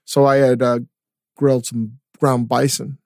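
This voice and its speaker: Heavy vocal fry runs through this man's mid-pitched voice as he chats loosely on a podcast. He swears freely and rattles through product plugs. The sound is close and dry, with faint music behind him. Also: little pitch movement, darkish tone, no room sound. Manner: rambling, profane, reads ad plugs quickly. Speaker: podcast co-host. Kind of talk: casual chat.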